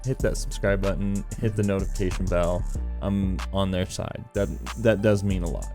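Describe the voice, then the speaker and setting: A man co-hosting a casual reaction chat, relaxed and laughing often as he thanks viewers. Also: sits low, normal speed, soft background music. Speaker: co-host.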